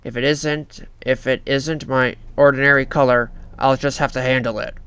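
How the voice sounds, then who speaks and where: A man voicing a gentle, easygoing young male survivor in a story he reads aloud, reading the lines flatly. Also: medium pitch, moderate pace, clean tone, lightly acted. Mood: mild.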